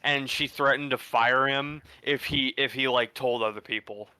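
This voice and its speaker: A man's voice: medium pitch, fairly even intonation, normal speed, sharp tone, clean tone, no echo. A man co-hosting a casual podcast over a voice call, cutting in with blunt, sarcastic remarks. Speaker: podcast co-host. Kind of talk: casual chat. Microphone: Discord call.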